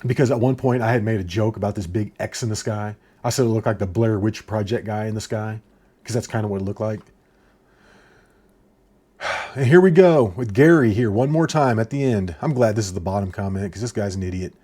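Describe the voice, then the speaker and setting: A man's voice: lowish voice, fairly quick, mellow. A man giving casual reaction commentary on viewer comments in an exasperated, sarcastic, ranting way.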